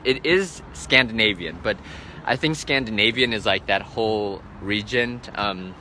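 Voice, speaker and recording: This travel vlogger has a lowish voice with a bright, forceful tone. Holding his phone for a live stream outdoors near boats, he fields viewer questions in a loose, meandering way, full of fillers like "um" and "like," against a noisy backdrop.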